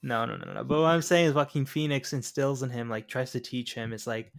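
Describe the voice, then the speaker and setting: A man's voice: medium pitch, fairly quick, gravelly, few pauses. A man co-hosting a film podcast, rambling casually with many fillers. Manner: rambling, heavy on "like" and "um". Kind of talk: casual film review chat.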